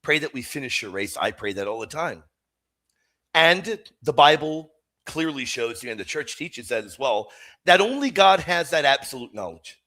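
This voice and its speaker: A middle-aged man hosting a live religious Q&A stream, emphatic and animated, jumping from loud exclamations to quiet asides. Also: medium pitch, normal speed. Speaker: host of a live Catholic apologetics stream. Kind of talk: livestream chat and Q&A.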